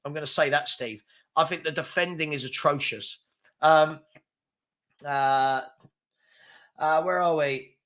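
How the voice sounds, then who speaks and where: Young London man, live-stream host, fast and chatty, bright forward tone. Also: fairly high pitch, fairly even intonation. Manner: fast-talking, chatty, reads out names and places. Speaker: football chat host. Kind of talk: live-stream casual chat reading viewer comments.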